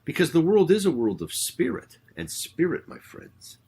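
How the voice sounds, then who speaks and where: A man, a rabbi hosting his own show, giving a spoken sermon with emphatic, drawn-out words. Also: on the high side, huge pitch swings, mellow, slightly rough. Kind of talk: spoken sermon with prayer and sung hymn.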